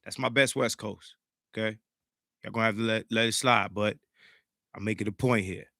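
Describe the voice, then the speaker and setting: A man hosting a podcast in a casual, profane, animated way, greeting live chat viewers, sounding slightly congested. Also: on the low side, moderate pace, dry recording, clean studio sound. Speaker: podcast host.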